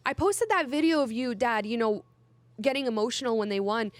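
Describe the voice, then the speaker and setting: Young woman, higher voice, dry close sound; chatty podcast host who gets emotional and laughs. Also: animated, normal speed, no room sound. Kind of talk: casual chat.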